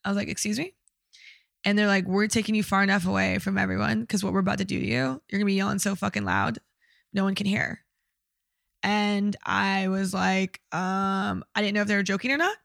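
A woman's voice: mid-range voice, fairly even intonation, a little fast, vocal fry, fairly bright tone, no echo, studio quality. A young woman telling a personal story in casual conversation, candid and blunt, swearing often.

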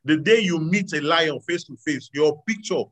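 A man preaching a sermon to a live audience, animated, swinging between loud exclamations and quiet asides. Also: on the high side, normal speed, rough recording. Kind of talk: sermon with audience call-and-response.

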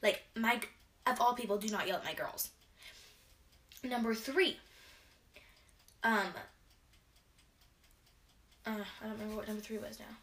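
A woman's voice: mid-range voice, measured pace, long pauses, a bit bright. A teenage girl ranting casually into her camera from her bedroom, rambling and exasperated, sighing often and restarting her sentences. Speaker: vlogger and gymnast.

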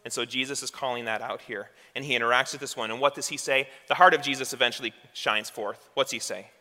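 A male pastor preaches a sermon conversationally, asking rhetorical questions along the way. His mid-range voice is steady, fast, pushed and bright, and the recording carries long hall reverb.

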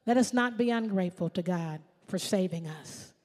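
A woman pastor preaching a sermon, swinging from shouts to hushed asides. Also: fairly low pitch, moderate pace, long reverb tail.

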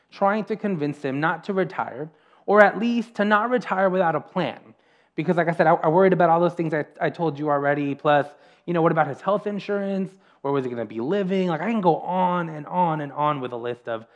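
A male pastor delivers a sermon in an earnest voice that sits a little high. He slows down and repeats key phrases for emphasis. The recording sounds dull and lo-fi.

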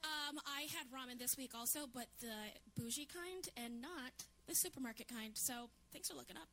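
A woman co-hosting a live podcast on a theatre stage, bantering with quick, dry jokes. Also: sits high, bright, forceful tone. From New York City. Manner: quick, dry, joking delivery. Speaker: podcast co-host.

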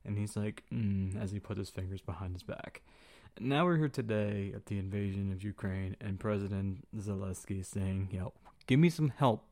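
A man's voice: fairly low pitch, fairly even intonation, normal speed, vocal fry, darkish tone. A young man hosting a podcast, talking in a flippant, profane, slangy way and acting out quotes as he goes. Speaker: podcast host. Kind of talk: casual opinion monologue.

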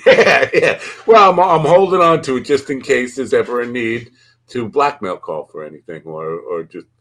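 A man's voice: mid-range voice, expressive, normal speed, fairly bright tone. A man hosting a podcast, chatting casually in a rambling, crude, joking way. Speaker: podcast host. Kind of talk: casual chat.

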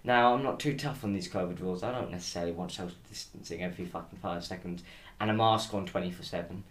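A man's voice: low-pitched, fast talker. A British man hosting a solo podcast, ranting with sarcasm and frequent swearing. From United Kingdom. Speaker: podcast host. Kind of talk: casual solo podcast rant.

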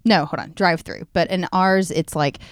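A woman's voice: fairly low pitch, steady tone, normal speed, no room sound, studio quality. A woman co-hosting a casual chat show, talking in a chatty way and wandering off on tangents.

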